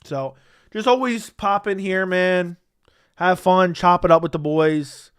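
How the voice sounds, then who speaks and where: A man's voice: high voice, unhurried, fairly bright tone, clear, resonant tone, no room sound, clean studio sound. A young man hosting a casual livestream, reading out donations and chatting easily with viewers, often repeating himself.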